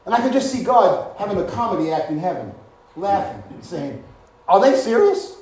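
A man's voice: sits high, sing-song, fairly quick, a little mellow, roomy sound, low-quality recording. A man preaching a sermon with bursts of exclamations and rhetorical questions.

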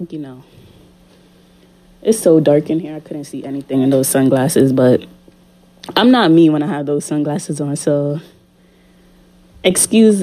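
Speaking into a studio condenser mic, a podcast host with a low, mellow voice delivers a relaxed monologue straight to her audience. She sounds playful, slightly breathless, and tends to repeat herself.

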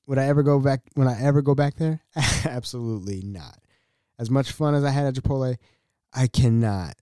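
A man's voice: medium pitch, no room sound, clean studio sound. A man hosting a podcast, telling a story in a casual monologue and acting out the dialogue in different voices. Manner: animated, acts out dialogue in voices. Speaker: podcast host.

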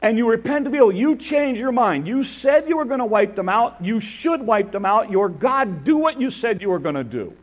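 Male pastor, lively sermon delivery, high and very expressive voice. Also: moderate pace, few pauses. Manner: animated, voices biblical figures, laughs at the text.

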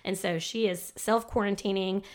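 A woman's voice: mid-range voice, fairly even intonation. A woman, jumping in with playful jokes in casual banter as a podcast co-host. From Atlanta, Georgia. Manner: playful, quick interjecting joker.

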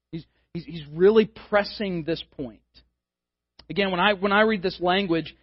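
Man, high voice, pastor, conversational emphatic sermon, repeats words, dry dull sound. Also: normal speed, dry recording.

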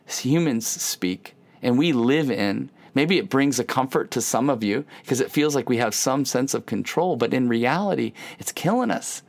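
A man giving an earnest, encouraging devotional sermon for a podcast, often dropping to soft, hushed asides. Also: medium pitch, vocal fry. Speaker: pastor.

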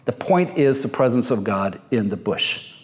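A man's voice: medium pitch, animated, moderate pace. A man giving a sermon in a reflective manner, building his points in short, repeated phrases. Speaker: pastor. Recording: long reverb of a large hall.

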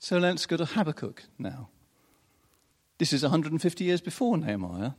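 A man preaching a sermon in an unhurried, expressive way, chuckling often between phrases. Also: fairly high pitch. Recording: long reverb of a large hall.

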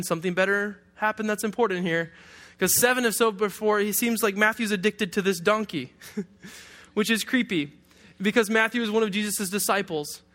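A young man from Detroit delivers a sermon in a notably high voice. He preaches in a loose, joking way, with humorous asides to his listeners. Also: bright, forceful tone. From Detroit, USA. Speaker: pastor.

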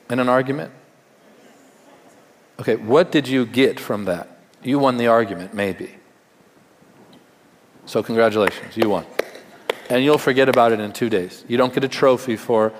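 Man preaching in a reverberant hall. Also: medium pitch. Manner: conversational preaching with rhetorical questions and humor. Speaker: pastor. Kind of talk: sermon.

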